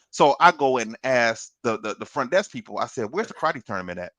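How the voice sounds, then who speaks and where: A man on a podcast telling a long story in a casual, animated way, swearing and laughing as he goes. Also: medium pitch, fairly quick, dry recording. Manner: animated, profane, laughs through his story. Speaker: podcast co-host.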